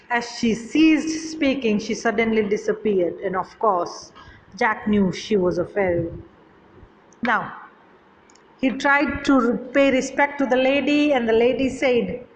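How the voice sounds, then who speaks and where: A woman's voice: on the high side, unhurried, a little hiss or hum. A woman teacher reading a story aloud and explaining it, reading a line and then paraphrasing it in simple words, recorded in an echoey hall with dull lo-fi sound.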